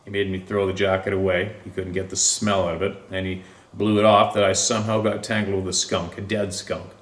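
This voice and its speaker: A man reading a first-person encounter story aloud in a slow, deliberate way with drawn-out pauses. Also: low-pitched, little pitch movement, echoey room. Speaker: story narrator.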